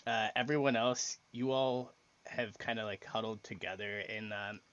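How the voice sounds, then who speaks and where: A man running a tabletop game as game master, talking haltingly with many fillers and restarts. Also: fairly low pitch, steady tone, fairly bright tone, dry recording, dull audio.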